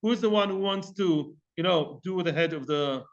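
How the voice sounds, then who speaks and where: Animated, high-voiced Talmud teacher. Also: male voice, moderate pace, muffled recording. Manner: animated, mixes Hebrew and Aramaic terms, acts out dialogue. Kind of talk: lively Talmud class lecture.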